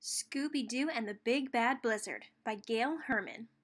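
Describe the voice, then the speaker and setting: A woman narrating a children's picture book read-aloud with expressive storytelling. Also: a little high, a little slow, a little hiss or hum.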